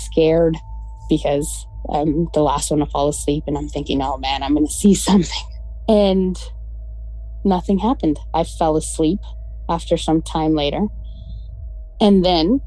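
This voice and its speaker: Woman telling a ghost story, mellow low voice. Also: poor audio. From West London. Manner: animated, acts out quoted voices. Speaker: guest storyteller. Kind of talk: casual spoken storytelling.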